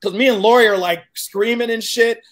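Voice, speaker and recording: A man in his forties from Chicago, a guest telling a story in casual, animated chat, cursing freely and acting out what people said. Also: very high-pitched, fairly quick. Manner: animated, profane, acts out quoted dialogue.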